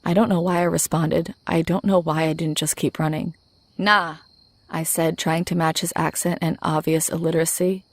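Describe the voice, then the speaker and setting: A woman narrating a true horror story in a steady, scripted storytelling voice. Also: sits low, brisk, few pauses, no room sound.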